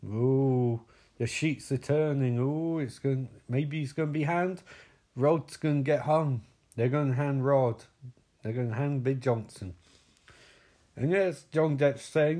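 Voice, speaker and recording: A man's voice: mid-range voice, unhurried, warm tone. Crude sarcastic man. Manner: crude, sarcastic, laughing asides. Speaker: film recapper. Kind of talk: comedic movie recap.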